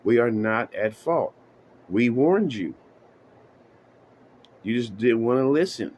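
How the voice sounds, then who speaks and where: Male vlogger, average pitch, ranting to camera: profane, emphatic, conversational, faint hiss behind. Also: expressive, slow pace, a little mellow, highs cut off. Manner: profane, emphatic, repeats "you know what I'm saying". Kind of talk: casual ranting monologue.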